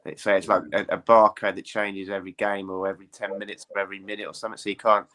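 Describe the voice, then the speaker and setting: A man in casual football chat, talking in a chatty, opinionated way. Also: fairly low pitch. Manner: chatty, animated, quick to opinion.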